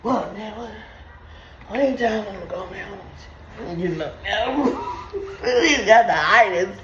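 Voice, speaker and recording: In this video the host, a woman with a medium-pitched, slightly bright voice, slowly delivers crude comedic commentary on the Bible, often laughing as she talks. Roomy echo fills the recording, along with a little hiss or hum.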